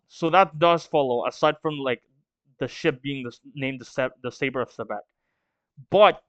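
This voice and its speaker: Stuffy-nosed man musing with slow hesitation. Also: a little high, smooth, dry recording, lo-fi sound. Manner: hesitant, filler-heavy musing. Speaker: manga reaction host. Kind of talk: reading a manga aloud with reactions.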